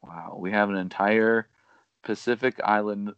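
Smooth-voiced joking podcast co-host man. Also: on the low side, fairly even intonation, a little slow, a bit bright, dry recording, highs cut off. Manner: joking, playfully insistent. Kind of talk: casual comedic chat.

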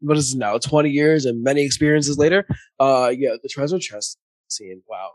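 A man's voice: mid-range voice, moderate pace, no echo. A young man co-hosting a podcast, chatting casually and acting out quotes as he retells a movie scene. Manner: animated storyteller, acts out quotes. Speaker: podcast co-host. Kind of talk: casual movie recap chat.

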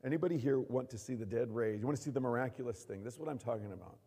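A man preaching a sermon in a church hall. He acts out quotes and swings from shouting to hushed asides. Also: mid-range voice, racing, creaky, husky. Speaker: pastor. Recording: long hall reverb.

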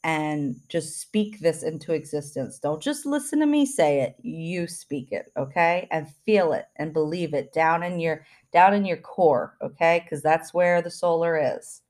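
A woman's voice: sits low, darkish tone. Earnest, rambling spiritual podcast woman. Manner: earnest, rambling, lots of fillers and restarts; slow, deliberate affirmations. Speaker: podcast host. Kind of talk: spiritual self-help podcast talk.

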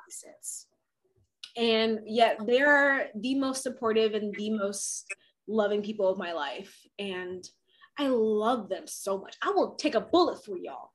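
A woman's voice: medium pitch, measured pace. A woman co-hosting a podcast in casual chat, effusive and laughing often. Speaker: podcast co-host.

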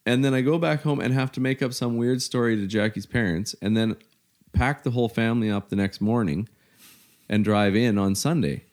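A middle-aged man from Canada, telling his story in casual, halting conversation, full of "you know" fillers. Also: medium pitch, darkish tone.

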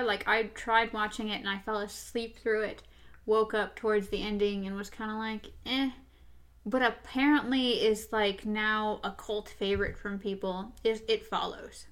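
A woman's voice: fairly high pitch, fairly even intonation, unhurried, fairly bright tone. A woman in casual conversation, chatty and rambling, often laughing. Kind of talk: casual chat.

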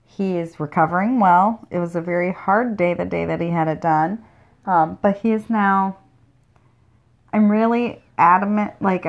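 A woman with a mid-range voice co-hosts a casual true-crime podcast, telling a story in a joking, profane way. The highs in her recording are cut off.

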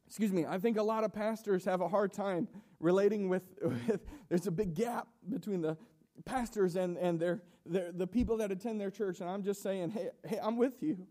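A young man preaching an emotional sermon in a church, halting and repeating himself with nervous laughs. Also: sits high, mellow. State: emotional, coughing.

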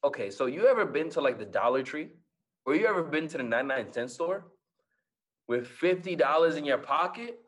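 Husky, animated young man telling stories. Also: fairly high pitch, brisk. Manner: animated, repeats lines for emphasis, acts out dialogue. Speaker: guest speaker. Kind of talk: motivational storytelling talk.

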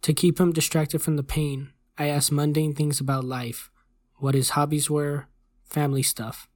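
A host reading a horror story in first person with steady, measured storytelling. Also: mid-range voice. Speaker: host and narrator. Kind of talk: scripted horror narration.

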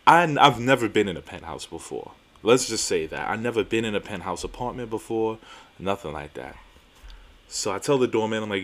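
A young man hosting a podcast, telling a story in a casual, animated, profane and self-mocking way, with emphatic repetitions. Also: on the low side, normal speed. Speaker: podcast host.

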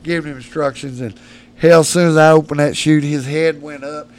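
A man's voice: fairly high pitch, steady tone, moderate pace. A man, a podcast guest telling rowdy, profane stories and laughing as he goes. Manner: profane, laughs mid-story. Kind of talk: rowdy storytelling.

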